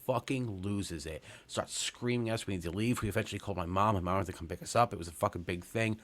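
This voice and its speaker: A New man in his thirties tells a long story on his podcast. His voice sits very low and stays casual. He rambles, restarts his sentences, and swears all the way through. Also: fast, fairly bright tone. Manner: rambling, profane, lots of fillers and restarts. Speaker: podcast host.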